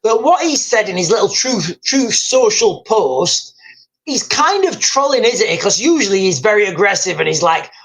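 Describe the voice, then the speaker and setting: With a high, sing-song, slightly bright voice at a moderate pace, a UK streamer discusses world events live over a rough recording. He goes on at length, restarting sentences and repeating words, addresses his audience as "guys," and reads out their comments.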